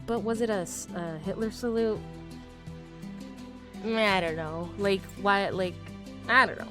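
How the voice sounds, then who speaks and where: A woman streamer chatting casually with her chat while crafting, rambling with fillers and trailing off into quiet mutters as she works. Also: mid-range voice, a little slow, over music. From United States.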